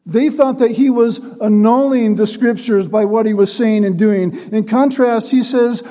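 A man delivers a sermon in a high, mellow voice, taking his time over each phrase. He teaches patiently and stresses key words as he reads scripture. His voice rings out with a long reverb, as in a large hall. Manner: teaching, reads scripture aloud with measured emphasis. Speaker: preacher.

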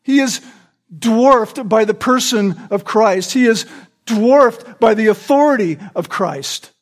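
High-voiced man preaching verse by verse. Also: animated, slow pace. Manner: explanatory, frequent "right?" checks and small restarts. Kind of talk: expository sermon.

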